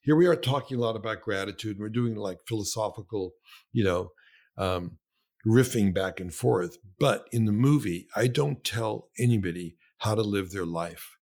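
Guy talking about his film, kinda low voice, gets animated doing quotes. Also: moderate pace. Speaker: filmmaker. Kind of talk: casual conversation.

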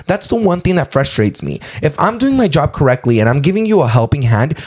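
A man's voice: medium pitch, sing-song, quick pace, few pauses, darkish tone. A man co-hosting a podcast, telling a heated story in casual chat, swearing freely and acting out both sides of an argument. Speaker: podcast co-host.

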